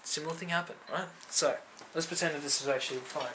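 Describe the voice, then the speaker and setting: A man from a Filipino family background, vlogging, relates a personal testimony to camera in a slightly high, bright, forceful voice with a steady tone, talking fast. He's earnest and conversational, using lots of fillers and the tag "right?" The audio is poor with slight background noise.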